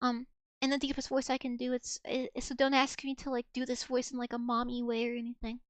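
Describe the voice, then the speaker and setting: A woman VTuber chatting casually on a live stream, rambling and self-mocking, with a soft girlish voice. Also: on the high side, monotone, a little fast, clear, resonant tone, dry recording.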